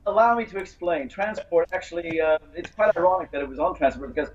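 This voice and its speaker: A man's voice: on the high side, animated, quick pace, a crowd in the background. Man, quizmaster guest, dry and wordy, dull lo-fi audio. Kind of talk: casual livestream chat.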